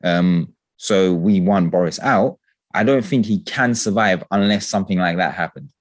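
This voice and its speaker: A man in casual political chat, talking with passion, swearing and ranting in an animated way. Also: deep voice, normal speed, dry recording, clean studio sound. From England.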